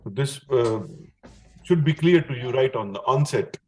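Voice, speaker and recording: A man's voice: mid-range voice, expressive, moderate pace, soft background music. A man with an Indian English accent teaching a chemistry lesson, explaining step by step and often checking in with his student. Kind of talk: explanatory classroom lecture.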